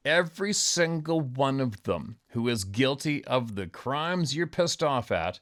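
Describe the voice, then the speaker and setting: A man's voice: medium pitch, fairly bright tone. A man hosting his own show, delivering an angry, profane monologue rant full of sarcasm and scorn. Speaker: host.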